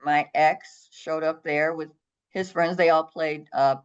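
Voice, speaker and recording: Woman telling a lively story. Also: deep voice, takes it slowly, clear, resonant tone. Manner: animated storyteller acting out quoted voices. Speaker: podcast guest. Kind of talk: storytelling in an interview. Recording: dull lo-fi sound.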